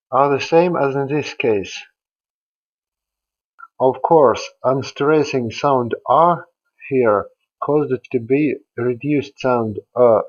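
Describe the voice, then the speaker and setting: A man reads a scripted grammar lecture in a level, middle-pitched voice. He speaks very slowly and carefully, laying out each rule step by step. The voice-over sounds dull and lo-fi. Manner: slow, deliberate and methodical. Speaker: language teacher.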